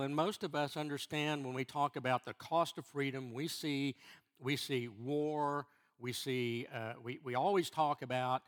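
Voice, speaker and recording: A middle-aged man, a church elder, preaching a sermon in a halting way, repeating words and restarting before stressing key phrases. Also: on the high side, fairly bright tone.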